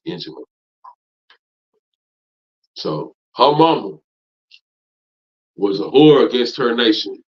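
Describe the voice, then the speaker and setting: A man preaching hard in a teaching class, repeating himself, cursing, and swinging from loud outbursts down to low mutters. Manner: emphatic, repetitive, profane, swings from loud to low. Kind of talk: fiery preaching lecture. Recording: dull lo-fi recording.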